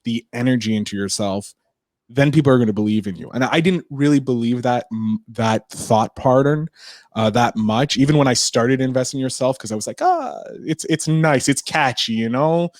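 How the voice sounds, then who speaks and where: A man being interviewed about podcasting, talking fast and animated with lots of restarts. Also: mid-range voice, no room sound, studio quality. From Canada. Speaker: podcaster guest. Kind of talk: casual interview chat.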